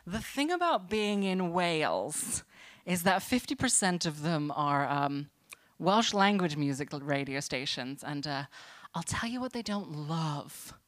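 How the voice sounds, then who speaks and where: A woman's voice: low voice, animated, measured pace, no echo. A woman harpist doing comedic stage banter between songs, sardonic and self-deprecating, with rambling asides. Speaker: harpist and songwriter.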